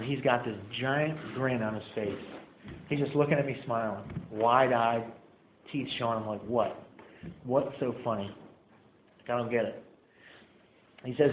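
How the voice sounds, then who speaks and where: A young man speaks to a meeting group about his own recovery, in a relaxed, chatty way that is full of "like" and "man." His voice echoes in the room and comes through a narrow, phone-like sound with faint noise behind it. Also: medium pitch. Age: young adult. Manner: casual, animated storytelling with "man" and "like". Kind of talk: personal story told to a group. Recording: echoey room over a tinny phone-like line.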